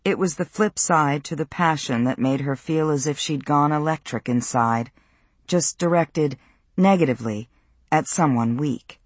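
A man narrating a novel in a measured, even storytelling voice. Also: on the high side, no room sound. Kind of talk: audiobook narration.

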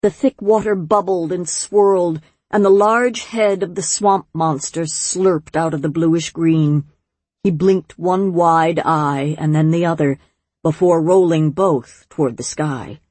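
A woman reads a storybook aloud in a slow, measured way. Her voice is mellow and a bit husky, and the recording is dry and close. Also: fairly low pitch, dry recording. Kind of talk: storybook reading.

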